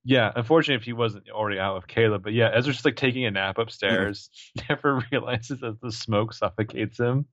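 A man's voice: medium pitch, a little fast, hardly any pauses, fairly bright tone, dry recording, muffled recording. A man co-hosting a casual podcast, laughing often, riffing on the plot and poking holes in it with jokey asides. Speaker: podcast co-host. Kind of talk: casual recap chat.

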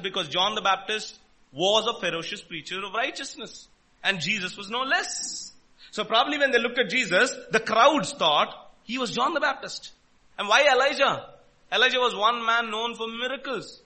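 A man preaching a sermon, emphatic and full of rhetorical questions, swinging between loud and quiet. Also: high-pitched. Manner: emphatic, rhetorical questions, rises and drops in volume.

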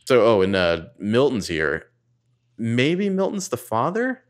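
A man's voice: mid-range voice, huge pitch swings, slow pace. A man in casual chat, recapping a film with profane, sardonic asides and rambling digressions.

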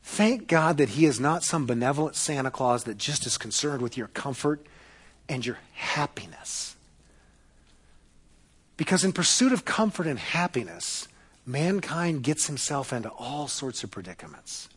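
A man preaching a sermon to a congregation, swinging between loud, emphatic calls and hushed, quiet passages. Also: medium pitch, expressive, moderate pace, slightly rough. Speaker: pastor.

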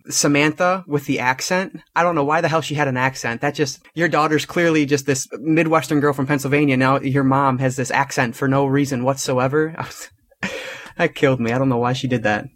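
A man hosts a casual podcast about films. He talks things through in a measured, thoughtful way. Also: medium pitch, a bit bright, no room sound. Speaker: podcast host. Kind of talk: casual film review chat.

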